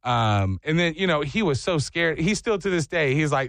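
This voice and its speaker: A man hosting a talk show, telling stories with lively impressions. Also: fairly high pitch, moderate pace, gravelly, few pauses, no room sound. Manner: animated storyteller, mimics people. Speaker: radio show host. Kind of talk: casual chat.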